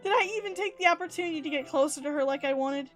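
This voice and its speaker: A woman streaming a visual novel and commenting as she plays. Her voice is very high. She is playful and jokey, and she reacts loudly. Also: rapid-fire, faint music behind. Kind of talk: let's play commentary.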